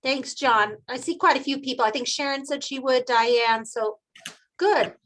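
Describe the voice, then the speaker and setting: A woman's voice: high-pitched, normal speed, a bit bright. A woman from Montana leading an online meeting, talking in a chatty, folksy way and laughing often. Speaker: meeting facilitator.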